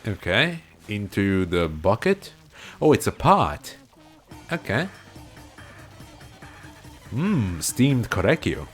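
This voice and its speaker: Man, let's play host, animated and joking, lively pitch, faint music under. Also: slow pace, long pauses. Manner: animated, joking, laughs often. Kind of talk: casual gameplay commentary.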